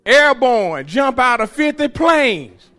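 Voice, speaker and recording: A man giving an animated testimony in church, folksy and excitable, laughing and hollering as he tells it. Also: slow pace, slight background noise. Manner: folksy, excitable, laughs while telling, hollers at the high points. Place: church sanctuary.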